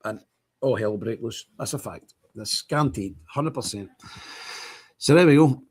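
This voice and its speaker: A man's voice: medium pitch, lively intonation, a little slow, gravelly, breathy edge. A man hosting a livestream, talking in a blunt, emphatic, repetitive way. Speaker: streamer host. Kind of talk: casual livestream monologue.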